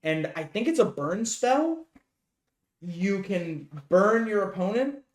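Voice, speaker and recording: Guy rambling through a recap, swears a lot, lotta ums, kinda high voice, echoey room. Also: expressive, slow pace. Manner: rambling and profane, many fillers. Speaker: podcast co-host. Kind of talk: casual recap chat.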